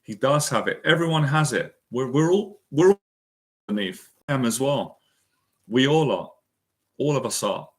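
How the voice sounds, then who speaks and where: A man's voice: medium pitch, animated, unhurried. A man delivers a heartfelt motivational monologue about facing fear. He speaks with earnest emotion, repeating phrases for emphasis as he coaches his listeners. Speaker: anxiety and confidence mentor.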